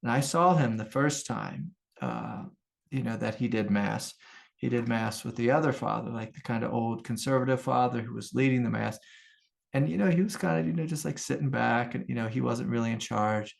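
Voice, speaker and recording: Middle-aged man, spiritual teacher, gravelly and earnest, talks in a heartfelt, conversational way. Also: medium pitch, moderate pace. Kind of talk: casual storytelling talk.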